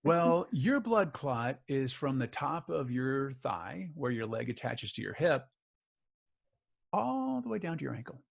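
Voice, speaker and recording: A man's voice: mid-range voice, very animated, a little slow, gravelly. A middle-aged man telling a personal story in an interview, acting out the other people's lines as he goes. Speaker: guest, author and voice actor.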